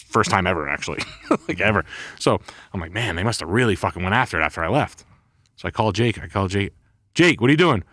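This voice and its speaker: A man's voice: sits low, fast talker, sharp tone, no echo. A man telling a rambling, profane story in a casual podcast chat. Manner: rambling and profane, heavy swearing. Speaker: podcast co-host.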